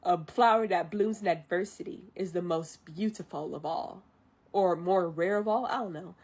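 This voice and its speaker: A woman voicing a wise elderly male emperor in a slightly lowered, solemn voice. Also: normal speed, darkish tone, husky.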